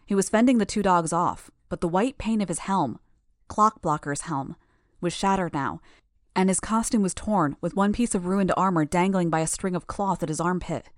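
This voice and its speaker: Woman narrator, lowish voice, dry close mic, steady first-person storytelling. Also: normal speed, dry recording. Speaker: audiobook narrator.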